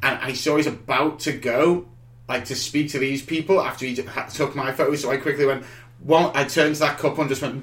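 With a brisk, mid-range voice, this male co-host of a podcast animatedly spins stories in casual talk, performing other people's quotes as he goes. The recording has a roomy echo.

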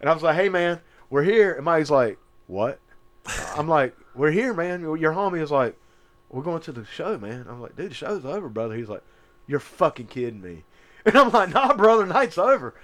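A man's voice: fairly high pitch, very animated, moderate pace, fairly bright tone. A man, co-hosting a podcast and telling a wild story with lots of laughter and swearing. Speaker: podcast co-host. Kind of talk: casual storytelling chat.

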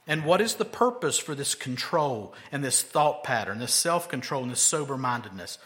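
A man's voice: medium pitch, animated, moderate pace, a bit bright. A male pastor preaching a sermon conversationally, with emphatic rhetorical questions.

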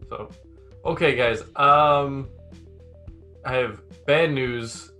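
A man's voice: medium pitch, steady tone, very slow, bright, forceful tone, soft background music. A man playing a tabletop role-playing game, asking hesitant questions. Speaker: player. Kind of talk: casual tabletop game talk.

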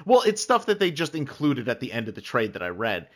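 A man's voice: medium pitch, wildly swooping pitch, fairly quick. A man hosting a casual chat, joking around and retelling stories in a rambling way.

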